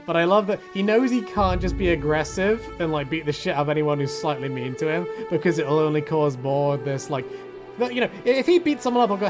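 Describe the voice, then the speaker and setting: A man's voice: a little high, fast, music in the background. A man giving casual, joking game commentary, chatty and swearing freely as he acts out the characters. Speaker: gaming video host.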